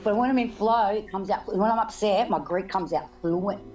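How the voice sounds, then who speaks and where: A woman's voice: mid-range voice, quick pace, darkish tone, highs cut off. A woman chatting casually, rambling with many restarts and laughs, background music. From Australia. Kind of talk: casual chat.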